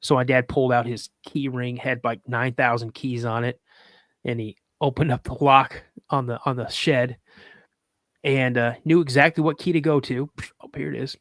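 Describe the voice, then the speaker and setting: A man tells a long story in loose, casual talk, stumbling through restarts and fillers as he goes. His voice sits at an ordinary middle pitch. The recording is close and dry, with almost no room sound. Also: fairly even intonation, normal speed, fairly bright tone, dry recording. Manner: rambling, with many restarts and fillers; acts out other people's lines in a raised voice. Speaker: podcast guest.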